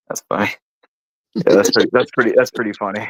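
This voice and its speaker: A man's voice: fairly low pitch, dry recording. Fired-up man ranting with constant "dude". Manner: profane, rambling, heavy use of "like" and "dude"; restarts and stammers when worked up. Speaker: panel host. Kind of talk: heated casual political rant.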